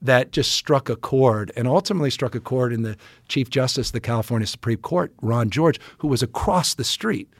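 A middle-aged man with a gravelly, rough edge to his voice tells a long, emphatic story as a podcast guest. He circles back, restarts his sentences and leans on fillers. The sound is close and dry, with no room around it. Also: medium pitch, fairly quick, hardly any pauses, no echo. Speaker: politician guest.

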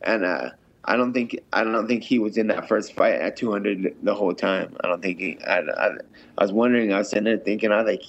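A man's voice: on the low side, a little fast, vocal fry, muffled recording. A man who fights professionally, talking in a casual interview in a brash, rambling, heavily profane way.

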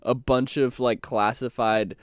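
With a medium pitch, fairly even intonation and a clean tone, a podcast co-host from Portland, Maine chats casually in a dry, studio-quality recording. He rambles haltingly, restarting often and leaning on frequent fillers.

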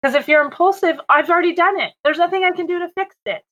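A woman's voice: extremely high pitch, quick pace, fairly bright tone, poor audio. A middle-aged woman psychologist, a podcast guest, explaining earnestly and checking in often with "right?". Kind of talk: casual conversation.

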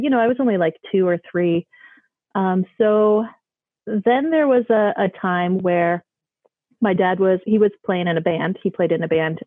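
A woman's voice: lowish voice, dry recording. Woman, casual storytelling, rambling with fillers, tinny phone-like sound. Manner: chatty, loose, lots of "like" and "um". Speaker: guest telling ghost stories. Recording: dry, tinny phone-like line.

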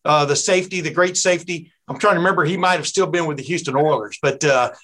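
A man's voice: on the high side, quick pace, sharp tone. A man from East Texas hosting a podcast, chatting casually with folksy asides and lots of fillers. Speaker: podcast host. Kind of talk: casual interview chat.

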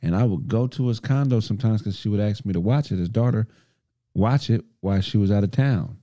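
A man in casual group chat, telling personal stories in an animated, profane way and acting out arguments in a raised voice. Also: on the low side, fairly quick, dry recording, clean studio sound.

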